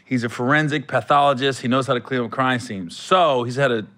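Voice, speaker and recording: A male comedian hosting a podcast, telling stories in animated, laughing banter. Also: medium pitch, fairly quick.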